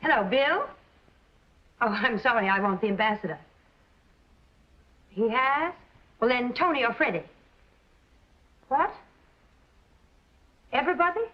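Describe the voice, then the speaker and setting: An actress playing a breezy, headstrong society wife in a 1940s film, flippant and unflappable. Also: female voice, on the high side, expressive, a little slow, pauses often. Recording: dull old film soundtrack.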